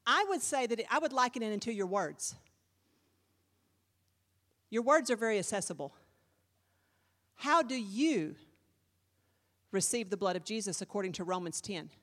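A woman pastor preaching a sermon, dramatic and fervent, dropping to a hush and rising to loud cries as she quotes scripture. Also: mid-range voice, animated, moderate pace, long pauses, long reverb tail.

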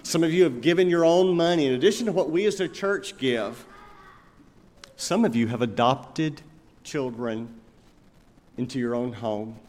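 A male pastor preaching a sermon, telling stories and slowing down to stress his points. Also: mid-range voice, darkish tone. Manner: storytelling, emphatic, with slow pointed phrases. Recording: long reverb of a large hall.

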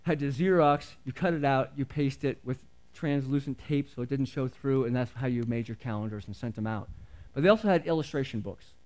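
A man's voice: medium pitch, a little fast, a little mellow. A middle-aged male pastor preaching a sermon in an earnest, conversational way, asking the congregation questions.

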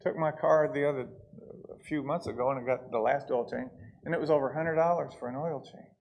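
A man preaching a sermon, swinging between hushed asides and loud, pleading passages. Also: medium pitch, fairly even intonation, fast, vocal fry, highs cut off. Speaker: pastor.

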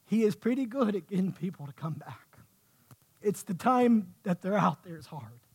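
A male pastor preaching in church with a high voice. He moves from quiet, heartfelt passages to loud, impassioned bursts. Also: expressive, normal speed, husky. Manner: impassioned preaching, swinging from soft to shouting. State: sweating. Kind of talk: sermon.

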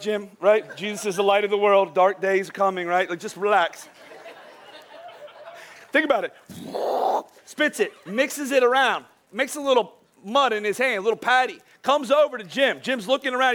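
A male pastor with a high-pitched voice preaches a sermon, his voice worn thin after a full day of speaking. He delivers it as lively, joking storytelling and turns soft and slow when the message turns serious. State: voice wearing out from a long day of preaching.

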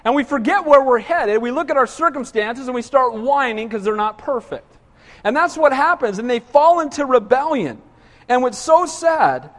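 A male pastor preaching a sermon in a conversational way, asking the congregation questions and acting out whiny voices. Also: very high-pitched. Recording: long hall reverb.

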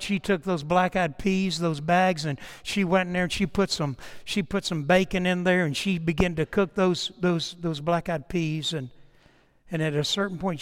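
A middle-aged man preaching a sermon with passion, swinging from loud declarations to hushed storytelling and repeating words as he goes. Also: sits high, in a large hall. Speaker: pastor.

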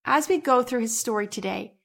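A woman hosting a church history podcast, narrating from a script in a measured, explanatory way. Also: fairly high pitch, creaky. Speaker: podcast host.

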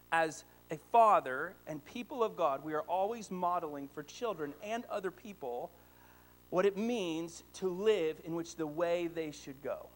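Male pastor in his thirties, high voice, animated storyteller in the pulpit. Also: fairly quick. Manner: animated storytelling, rising to excited shouts. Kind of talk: sermon with personal stories.

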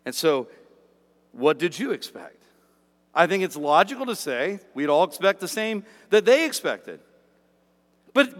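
Animated preacher man in a reverberant hall. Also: high-pitched. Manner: animated, acts out grumbling workers in asides. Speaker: pastor. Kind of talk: sermon.

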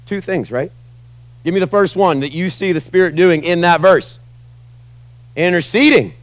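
A man in his forties preaching a sermon as pastor, animated, acting out groans and questioning the congregation. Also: sits high, moderate pace, dry recording. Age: 40s.

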